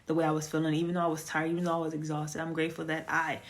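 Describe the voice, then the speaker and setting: A woman giving a casual spoken testimony, telling her story in a chatty, animated way with lots of fillers. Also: low voice, very fast. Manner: animated storytelling, acts out quoted dialogue; chatty with frequent fillers and restarts. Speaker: testimony speaker.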